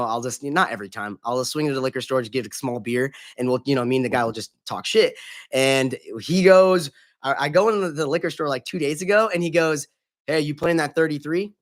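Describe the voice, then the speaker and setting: A man's voice: medium pitch, fast, a bit bright. A man hosting a casual gaming live stream, chatting in an upbeat, chummy way, greeting viewers by name and swearing casually.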